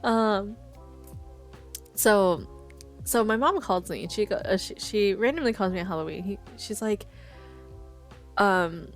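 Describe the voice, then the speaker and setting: A woman's voice: mid-range voice, measured pace, pauses often. Woman, streamer, casual storytelling, chatty, laughs often, faint background music. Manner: chatty, laughs often, swears, acts out quotes.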